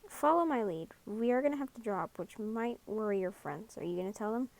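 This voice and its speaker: A woman's voice: medium pitch, animated, a little fast, a little mellow, lightly acted, poor audio. Easygoing female examiner, teasing, read by a woman. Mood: amused.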